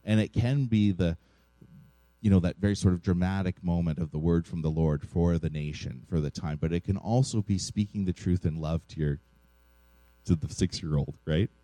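Pastor guy in his 30s, chatty sermon, pokes fun at himself, mellow voice, dry close sound. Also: deep voice, steady tone, normal speed, no room sound. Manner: informal, self-deprecating, frequent "right?" asides. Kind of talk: conversational sermon with personal stories.

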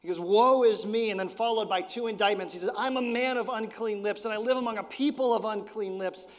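A man preaching a sermon as pastor, talking in a casual, conversational way and then dropping to a soft, intense hush. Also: sits high, fast, big-room sound.

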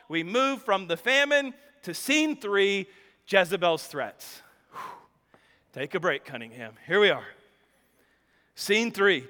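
A man preaching a sermon, retelling scripture in a lively storytelling way. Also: high-pitched. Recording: long reverb of a hall.

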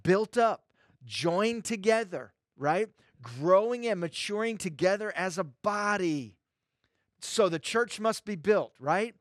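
A man's voice: high-pitched, dry recording, clean studio sound. A male pastor preaching a sermon, emphatic and repeating phrases for stress.

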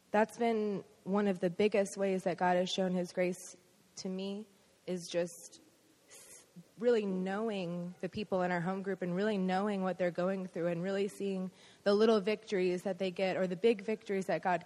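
Woman, soft-spoken, reflective church testimony, long reverb. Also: medium pitch. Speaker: congregation member.

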